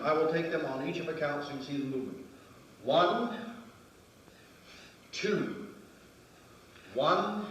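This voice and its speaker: A man's voice: on the high side, a little hiss or hum. A male martial arts instructor explaining moves step by step during a demonstration lesson, counting out the movements. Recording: very echoey room from far off.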